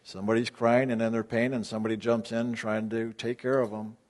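A man with a medium-pitched, slightly mellow voice speaks fairly quickly and in a level tone to his spiritual retreat group. He is blunt, keeps firing rhetorical questions at them, and erupts into sudden emphatic bursts.

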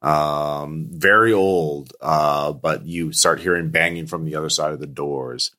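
Low-voiced guy running a tabletop rpg, lots of uh and um. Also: steady tone, measured pace, pushed and bright. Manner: hesitant, with frequent fillers. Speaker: game master. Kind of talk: narrating a tabletop game.

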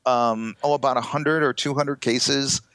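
A man's voice: medium pitch, fairly even intonation, a little slow, fairly bright tone, smooth, no echo, studio quality. Rambling man with a blocked nose. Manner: rambling, hesitant storyteller. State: congested nose. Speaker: podcast co-host. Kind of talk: casual comedic chat.

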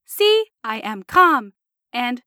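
Woman putting on a rusty monotone robot patient. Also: fairly high pitch, no echo, clean studio sound, heavily acted. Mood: flat calm. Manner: flat monotone, deliberately emotionless.

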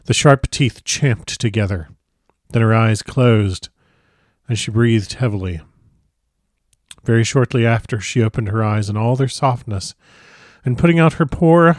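A man narrating a classic novel as an audiobook, with a measured, expressive reading. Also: medium pitch, no room sound, studio quality.

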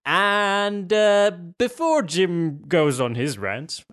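A man's voice: sits high, expressive, extremely slow, a bit bright, smooth. Jokey, rambling podcast host man. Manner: rambling, jokey, full of fillers and restarts. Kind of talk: casual chat.

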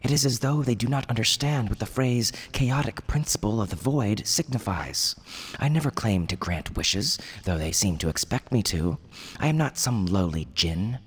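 A man's voice: lowish voice, animated, normal speed, breathy edge, voice pushed up. A man voicing a haughty cosmic being made of coppery bubbles, with a hissing metallic timbre and a condescending manner. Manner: aloof, condescending.

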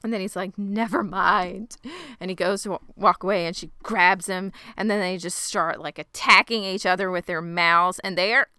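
A woman casually recapping a TV episode on a podcast, animated and joking as she acts out lines. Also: on the low side, moderate pace, hardly any pauses, clear, resonant tone, no echo, studio quality. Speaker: podcast co-host recapping a TV show. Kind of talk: casual chat.

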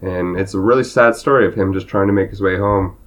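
A Canadian man co-hosting a podcast in casual chat, rambling and swearing, a bit hoarse from losing his voice. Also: sits low, a little fast. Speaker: podcast co-host.

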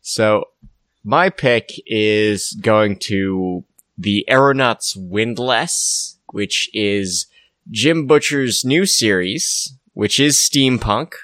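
A man's voice: lowish voice, fairly bright tone, dry recording. A man co-hosting a casual podcast chat. He is wry and rambling, with many restarts. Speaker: podcast co-host.

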